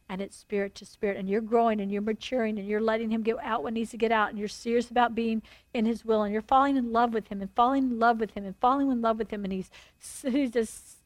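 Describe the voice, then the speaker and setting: A woman preaching a sermon, telling stories in an animated, emphatic way and acting out dialogue. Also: fairly high pitch, dry recording.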